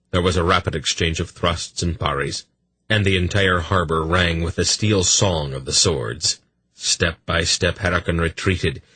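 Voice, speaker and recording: A man narrating a fantasy audiobook in a measured, steady storytelling manner. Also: deep voice, husky, no room sound.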